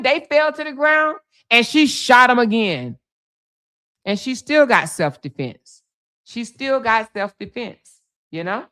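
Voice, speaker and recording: A middle-aged woman hosting a casual livestream, chatting to viewers and telling stories in a lively, animated way. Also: sits high, a little slow, smooth. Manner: animated storytelling, reads viewer comments aloud. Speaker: livestream host.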